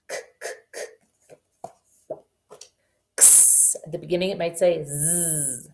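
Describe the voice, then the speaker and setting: A woman teaching a phonics lesson to children over video, sounding out letters and reading a nursery rhyme slowly and deliberately. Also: deep voice. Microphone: camera facing the teacher.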